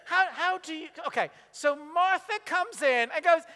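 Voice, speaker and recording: Chatty preacher in a reverberant church. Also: male voice, extremely high pitch, normal speed, bright, forceful tone. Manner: chatty, asks the congregation questions, acts out quotes. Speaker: pastor. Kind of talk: sermon. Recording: long reverb of a church hall.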